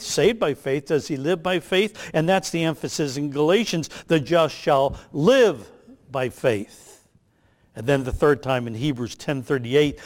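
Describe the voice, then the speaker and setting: An older male pastor, his voice a little high, delivers a sermon in emphatic, measured phrases and slows down on the key lines.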